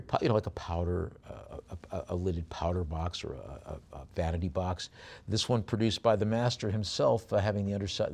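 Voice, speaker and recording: Male auctioneer, gravelly mid-range voice, fast bid calls, halting lot descriptions. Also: medium pitch. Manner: rapid bid calling between slower item descriptions with many fillers. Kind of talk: live auction calling.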